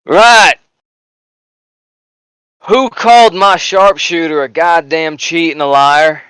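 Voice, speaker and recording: A man voicing a gruff, blunt male army sergeant who talks with a boastful, bullying swagger. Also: medium pitch, a little slow, a bit bright, no echo, close to an everyday voice, rough recording.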